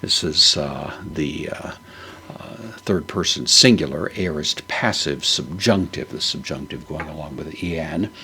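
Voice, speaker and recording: Very deep gravelly male Bible teacher. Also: pushed and bright, a little hiss or hum. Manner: unhurried, many "uh" fillers, parsing Greek word by word. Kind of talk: verse-by-verse Greek Bible lesson.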